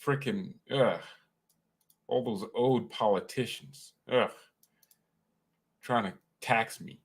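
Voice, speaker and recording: A man hosting a fan live stream, rambling and joking with chat, swinging from calm talk to loud excited outbursts. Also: medium pitch, a little slow.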